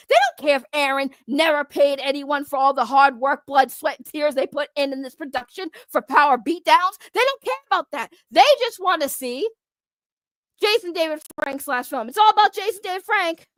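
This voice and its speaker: A woman's voice: sits high, a bit bright, no echo, clean studio sound. A woman giving a heated, profane, confrontational rant to camera, repeating her points for emphasis. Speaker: online commentator. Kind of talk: heated ranting vlog.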